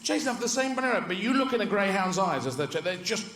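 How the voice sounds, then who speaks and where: A man's voice: high voice, animated, rapid-fire. A man performing a rambling, whimsical stand-up comedy routine. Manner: rambling and whimsical, slipping into voices. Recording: echoey venue with ambient noise.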